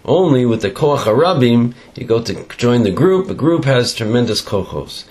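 A man's voice: mid-range voice, moderate pace. Man giving a Torah talk. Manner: mixes Hebrew and Yeshivish terms, lively rising emphasis. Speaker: Torah teacher.

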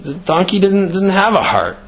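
A man's voice: sits high, sing-song, a little fast, fairly bright tone, dull audio, voice pushed up. A man voicing a sly male fox servant of the king, speaking in an indignant, wheedling way.

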